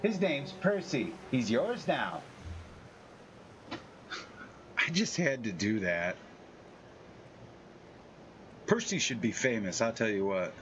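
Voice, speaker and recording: A man's voice: medium pitch, sing-song, takes it slowly, pauses often, a bit bright, slight background noise. A man chatting casually on a live game stream, telling profane, boastful stories.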